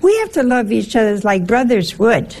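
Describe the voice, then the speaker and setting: A woman's voice: on the high side, very animated, normal speed, darkish tone. A woman giving a conversational sermon in a folksy, humorous way, full of rhetorical questions. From Italian family. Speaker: religious teacher.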